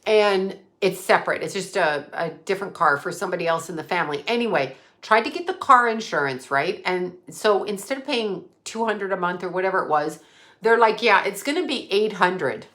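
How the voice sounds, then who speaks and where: Woman, livestream host, casual chat to viewers, bright tense voice, swears a lot, rambling. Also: medium pitch, lively intonation, moderate pace. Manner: profane, rambling, talks straight to chat. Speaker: psychic medium livestream host.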